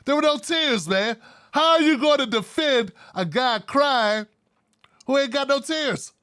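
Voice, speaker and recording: Male political commentator, fairly high voice, blunt and animated, dry close sound. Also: unhurried, dry recording. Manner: blunt, animated, wry asides. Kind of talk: casual solo commentary.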